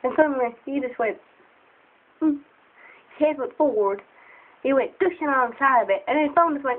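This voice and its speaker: A young girl telling funny stories to camera, giggly and excitable, often jumping into squeaky voices. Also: normal speed, pauses often. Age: child. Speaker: storyteller. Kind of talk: casual storytelling to camera. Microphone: phone. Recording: tinny phone recording.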